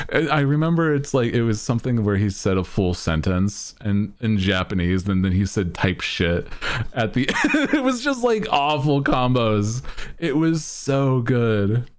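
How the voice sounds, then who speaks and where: A man's voice: medium pitch, huge pitch swings, takes it slowly. A man streaming, chatting casually and laughing often as he rambles.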